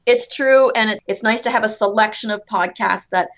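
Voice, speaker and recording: A woman's voice: mid-range voice, normal speed, fairly bright tone. Chatty Canadian woman guest. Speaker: podcast guest. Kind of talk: casual podcast chat.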